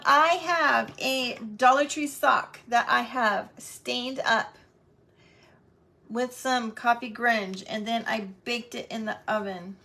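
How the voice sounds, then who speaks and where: A middle-aged woman hosting a live crafting stream, chatting warmly and greeting viewers by name as she works. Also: on the high side. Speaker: crafting livestream host.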